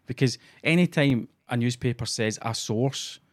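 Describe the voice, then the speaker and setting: Scottish male co-host, casual and sweary, mid-pitched, storytelling. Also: measured pace. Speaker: podcast co-host. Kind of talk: casual chat.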